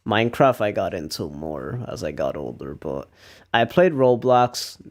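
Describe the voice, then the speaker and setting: A man's voice: fairly low pitch, big pitch swings, a little slow. A young man streaming, chatting casually and rambling through a story with frequent laughs. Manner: rambling, laughs at himself while telling stories. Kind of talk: casual chat.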